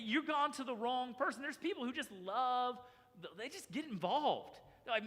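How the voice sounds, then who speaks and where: A man preaching a sermon as pastor, animated and acting out the voices of the people in his story. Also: very high voice, brisk, in a large hall. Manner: animated, acts out characters' voices. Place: church sanctuary.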